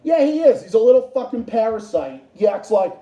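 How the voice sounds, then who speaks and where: A man's voice: very high voice, very animated, a little fast, warm tone, echoey room. A man hosting a livestream, in a furious, profane political rant that keeps repeating itself. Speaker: livestream host.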